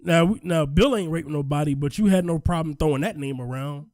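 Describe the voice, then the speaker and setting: A man hosting a casual podcast discussion, animated and emphatic, often repeating himself for effect. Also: on the high side, brisk, dry recording, studio quality. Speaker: podcast host.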